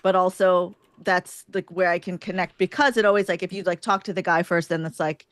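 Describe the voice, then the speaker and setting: A woman's voice: lowish voice, fairly even intonation, fairly quick, fairly bright tone, no echo, clean studio sound. Chatty woman podcast co-host. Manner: chatty, heavy use of "like". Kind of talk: casual live podcast chat.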